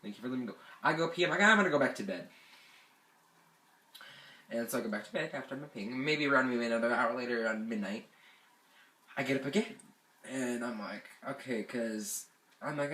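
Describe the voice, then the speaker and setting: A young man tells a long camping story into a camera mic, rambling and restarting as he goes. His voice sits at an ordinary pitch, and it rises loudly when he gets worked up. The room around him sounds echoey. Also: fast. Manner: rambling and animated, bursts of anger. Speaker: vlogger. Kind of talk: casual storytime.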